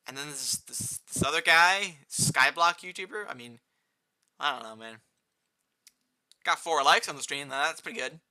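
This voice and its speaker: A young man chatting casually on a live gaming stream, rambling and answering chat, with a fairly high-pitched voice and keyboard clicks near his desk mic. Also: normal speed, pauses often. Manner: rambling, answers chat, rising excited outbursts.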